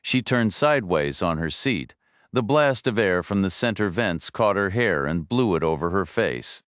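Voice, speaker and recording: A man narrating a thriller audiobook in a measured, even storytelling manner. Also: deep voice, no echo, clean studio sound.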